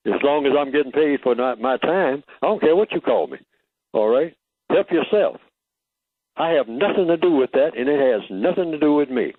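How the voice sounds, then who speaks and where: A man's voice: mid-range voice, moderate pace, dry recording. A man talking as a radio interview guest, emphatic and teacherly, asking rhetorical questions as he explains his points. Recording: tinny phone-line radio audio, dry.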